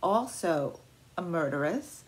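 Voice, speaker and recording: A woman's voice: fairly low pitch, expressive, slow. A woman vlogger telling an art history story in a casual, playful way, with slangy wording and dramatic asides.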